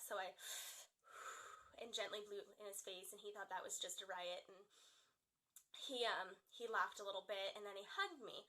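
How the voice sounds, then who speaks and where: Bright-voiced young mom vlogger. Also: female voice, medium pitch. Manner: chatty, animated, warm storytelling with fillers. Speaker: parenting vlogger. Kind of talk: casual storytelling to camera.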